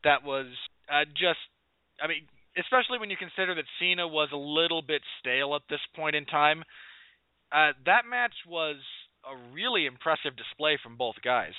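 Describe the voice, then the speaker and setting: A man's voice: a little high, normal speed, smooth, no room sound. A man hosting a podcast in casual chat, recalling details as he talks. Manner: thinking aloud, recalling details mid-sentence. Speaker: podcast host. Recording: tinny phone-like line.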